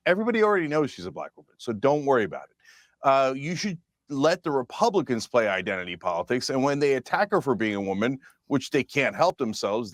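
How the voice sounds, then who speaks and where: A man making his case forcefully as a debate guest. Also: medium pitch, dry recording, clean studio sound. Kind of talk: televised political debate.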